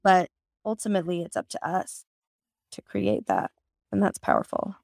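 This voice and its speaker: A woman hosts a podcast conversation with a scratchy, gravelly edge to her voice as she recovers. She talks effusively and gratefully, tripping over and restarting her sentences. The sound is close and dry. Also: on the low side, big pitch swings, moderate pace, darkish tone, dry recording. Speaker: podcast host. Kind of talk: casual interview chat.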